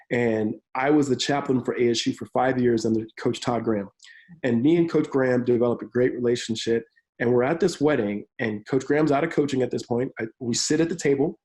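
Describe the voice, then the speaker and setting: A man in his thirties, a football coach and pastor, telling his story in an energetic interview, speeding up in quick bursts. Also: medium pitch, rough recording. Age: 30s. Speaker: college football analyst and pastor. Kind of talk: remote interview.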